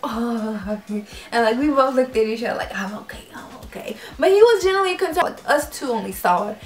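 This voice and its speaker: Young woman, storytime vlog, lively and dramatic, higher voice, echoey room, soft music behind. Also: a little fast. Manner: animated, acts out voices and laughs a lot. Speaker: YouTube vlogger.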